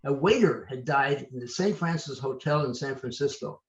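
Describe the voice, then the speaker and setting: An older man, an author, telling lively anecdotes as an interview guest, often restarting his sentences. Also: medium pitch, moderate pace, reverberant, dull audio. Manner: animated, anecdotal, trails off and restarts. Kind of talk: storytelling interview answers.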